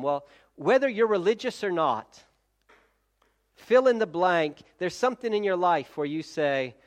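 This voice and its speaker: A man's voice: a little high, expressive, moderate pace. A man preaching a conversational sermon as a pastor, talking straight to his listeners and often restarting his sentences. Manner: chatty, self-correcting, direct address to listeners.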